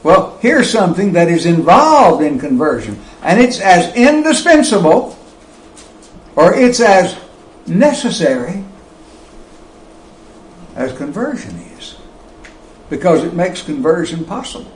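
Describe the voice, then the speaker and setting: A man preaching a sermon, slow and emphatic, with wide swings of pitch and loudness. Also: very animated, echoey room, poor audio.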